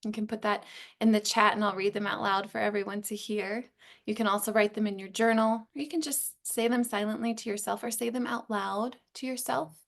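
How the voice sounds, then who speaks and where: A woman leading a guided mindfulness session, calm and reflective, affirming people as she reads out their replies. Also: medium pitch, brisk, vocal fry. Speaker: meditation teacher.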